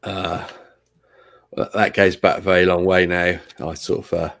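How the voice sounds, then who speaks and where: An older man from England with a southern English accent, answering interview questions in a halting, hesitant way. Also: low voice, little pitch movement, fairly bright tone. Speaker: guest.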